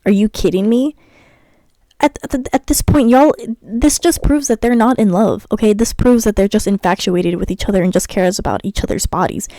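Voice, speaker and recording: A woman's voice: medium pitch, moderate pace, dark tone, dry recording, rough recording. A young woman ranting about a cartoon episode in a sassy, exasperated way, sighing often and stumbling over her words. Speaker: YouTuber reviewing a cartoon episode. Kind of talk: ranting commentary while gaming.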